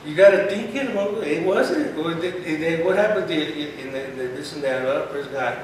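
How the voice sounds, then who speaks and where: A man's voice: a little high, brisk, a little hiss or hum. A male preacher giving a sermon and reading scripture aloud. He often drops in Spanish phrases and keeps saying "hermano" and "praise God.". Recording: very echoey room, voice far from mic.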